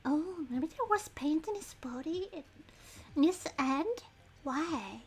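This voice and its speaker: A woman streaming a detective game, chatting in a rambling, apologetic and excitable way as she reads clues and thinks out loud. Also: sits high, takes it slowly. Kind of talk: casual livestream chat.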